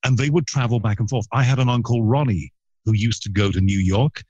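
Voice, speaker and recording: A man's voice: mid-range voice, fairly quick, darkish tone, no room sound, dull audio. A middle-aged man from Liverpool with a Liverpool accent, telling stories in a casual radio interview with self-deprecating humor. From Liverpool, England. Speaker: radio broadcaster guest.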